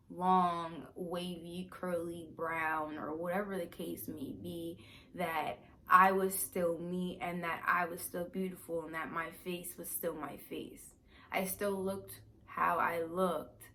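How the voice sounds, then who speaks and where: A young woman vlogger telling a personal story in a casual, animated, emphatic way. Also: fairly low pitch, a little hiss or hum.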